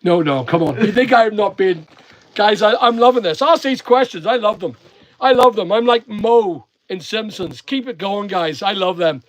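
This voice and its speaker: A man with a mixed Northern Irish and English accent and a fairly high voice, hosting a live stream. He reads viewer comments aloud and answers them in a chatty, joking way. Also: lively intonation, normal speed, no echo, low-quality recording. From Northern Ireland. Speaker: online seller and live streamer.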